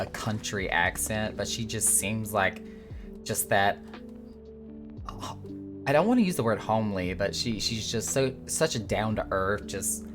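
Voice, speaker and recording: A man's voice: lowish voice, fairly bright tone. A man streaming a video game, chatting and reading quest dialogue aloud, rambling with hesitations and self-corrections.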